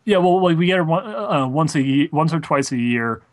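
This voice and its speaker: A man's voice: on the high side, animated, brisk. A man co-hosting a casual podcast, talking at length and explaining his views. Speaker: podcast co-host. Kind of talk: casual chat.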